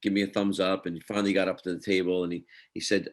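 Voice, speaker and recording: A man, an actor guest, telling a lively anecdote on a video call and acting out the people in it. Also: deep voice, very fast, few pauses. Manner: animated storyteller, acts out voices in his anecdote.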